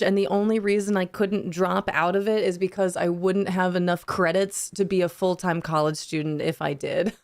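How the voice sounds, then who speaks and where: Speaking in a low, slightly mellow voice, a young woman streams a cozy game, chatting casually with her live chat, reading messages out loud, and laughing frequently. The audio is studio quality with no room sound.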